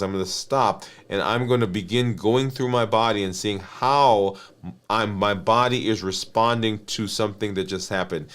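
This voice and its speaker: A man, a physician and health coach, giving an earnest teaching monologue, often checking in with "right?" and restarting his phrases. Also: lowish voice.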